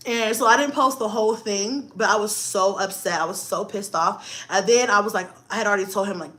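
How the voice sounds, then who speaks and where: A woman in her forties on a livestream, telling stories in a lively way, swearing freely and talking straight to her viewers. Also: mid-range voice, fairly quick, hardly any pauses. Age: 40s. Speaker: livestream host. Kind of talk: casual livestream chat.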